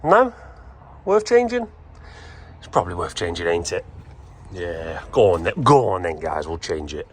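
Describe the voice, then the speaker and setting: Speaking at a moderate pace in a deep voice, a builder who vlogs addresses the camera outdoors on a construction site. His talk is casual, and he frequently refers to his viewers as "guys".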